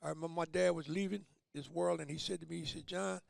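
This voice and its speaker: A man's voice: on the high side, steady tone, fast, gravelly, no room sound, studio quality. An older man telling stories as an interview guest, acting out the voices of the people he quotes. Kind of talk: storytelling in conversation.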